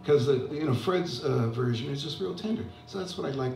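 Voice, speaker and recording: Gravelly and darkish, this older man's voice sits on the high side and moves a little fast as he hosts an open mic and sings, making casual, self-deprecating talk between songs. A distant mic catches a roomy sound with guitar in the background.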